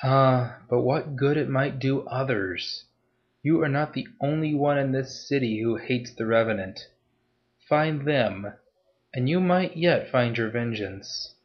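A man voicing a calm, mysterious masked nobleman who speaks in a formal, measured way. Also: medium pitch, muffled recording, natural voice. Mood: cool, persuasive.

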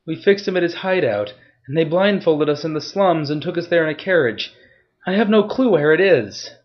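A frightened young man stammers and stumbles through every answer, his voice pushed up high and strained, as a male narrator puts him on. The audio is a little dull and muffled. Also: animated, drawn-out words. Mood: blubbering. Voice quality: stammering, hesitant.

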